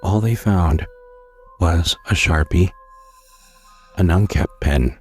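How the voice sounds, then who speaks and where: Slow, low, husky man telling a scary story. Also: faint music behind.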